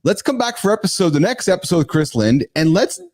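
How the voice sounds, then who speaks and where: A man co-hosting a podcast in casual chat, excitable and jokey, laughing often. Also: sits high, fast. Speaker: podcast co-host.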